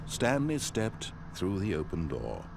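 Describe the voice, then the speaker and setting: A man's voice: sits low, wildly swooping pitch, takes it slowly, gravelly, darkish tone, a little hiss or hum, heavily acted. A man voicing a grand, all-knowing storyteller narrator in a video game, with a dramatic, swelling delivery.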